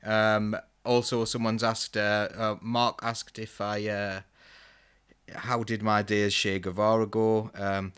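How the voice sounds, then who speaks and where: A man hosting a live-streamed panel in a low, smooth voice. He stays chatty and relaxed as he reads out viewer comments. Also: slow. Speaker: host.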